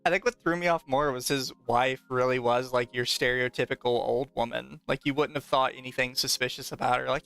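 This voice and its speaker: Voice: mid-range voice, fairly even intonation, a little fast, gravelly, few pauses, a bit bright, soft background music. A podcast host chatting casually with a livestream audience, rambling through stories with plenty of laughter and casual swearing.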